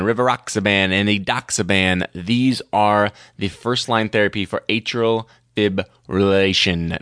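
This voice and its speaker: A man's voice: fairly low pitch, fairly bright tone, no room sound, clean studio sound. A man, likely middle-aged, giving a playful, theatrical lecture on medical guidelines as a medical educator, with dramatic asides.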